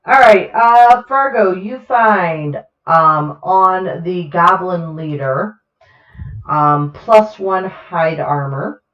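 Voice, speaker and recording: Over an online call, a woman with a fairly low voice runs a tabletop game as game master, narrating very slowly with many fillers. The recording is roomy, dull, and lo-fi.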